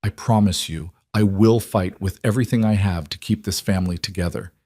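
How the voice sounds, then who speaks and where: Male narrator as stubborn, caring pioneer woman; firm, gentle, dry. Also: deep voice, steady tone, brisk, no echo. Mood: determined.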